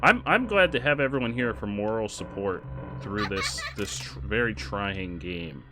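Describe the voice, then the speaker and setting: A man streaming a game, chatting casually and loudly thanking donors with sudden excited outbursts. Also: normal speed, noisy background. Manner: excitable, shouts out thanks to donors with big jumps in pitch. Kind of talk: casual live-stream chat while gaming.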